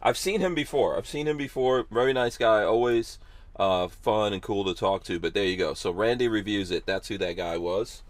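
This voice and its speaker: A man's voice: on the low side, normal speed, dry recording. A man hosting a podcast in casual chat, joking around and reading viewer comments aloud. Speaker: podcast host.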